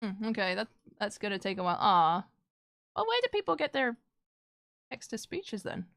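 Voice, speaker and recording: A woman's voice: mid-range voice, very animated, moderate pace, creaky, a bit bright, no room sound, clean studio sound. A woman streamer chatting casually with her live chat while she draws, joking and self-deprecating.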